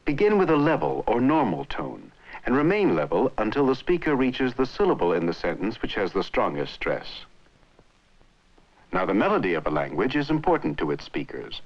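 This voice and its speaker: A man narrating an educational film in a clear, measured way. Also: lowish voice, very animated. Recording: muffled old film soundtrack.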